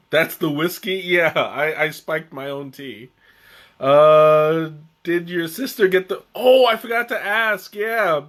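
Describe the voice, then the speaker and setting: A man's voice: fairly high pitch, a bit bright. A young man hosting a live tea tasting stream, chatting casually in a rambling way with restarts and chuckles.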